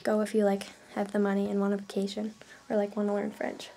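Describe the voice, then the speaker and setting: A woman's voice: medium pitch, completely flat delivery, fast talker, warm tone, a little hiss or hum. A woman from Canada, chatting casually in a vlog, rambling with lots of fillers. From Canada, New Brunswick. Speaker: vlogger.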